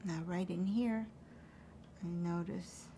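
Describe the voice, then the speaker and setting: A woman teaching an acrylic painting demonstration, thinking aloud as she paints in a relaxed way. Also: lowish voice, slow pace, vocal fry, slight background noise.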